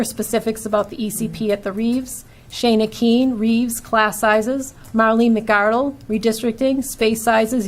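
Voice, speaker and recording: A woman with a Boston-area accent chairs a school committee meeting, reading a long list of names and topics and stumbling now and then. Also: on the high side. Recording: light background noise.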